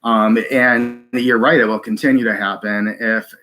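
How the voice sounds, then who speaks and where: A man hosting a live stream, reading chat and speaking earnestly, halting with many ums and restarts, close to tears. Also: fairly low pitch, steady tone, pushed and bright.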